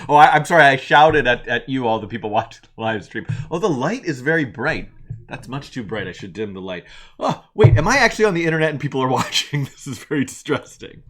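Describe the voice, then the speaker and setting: A man chatting casually on his live stream from an attic studio, his pitch leaping up and down as he talks. He rambles from one thought to the next, pokes fun at himself and laughs often. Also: fairly bright tone. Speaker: live-stream coding host.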